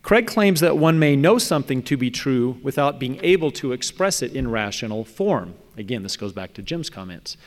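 Guy reading out a prepared talk, measured and thoughtful, middle pitch, lots of hall echo. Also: big pitch swings. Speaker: speaker presenting a paper. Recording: long hall reverb.

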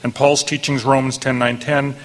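A man's voice: medium pitch, level tone, moderate pace, big-room sound. A man asking careful questions in a question-and-answer session.

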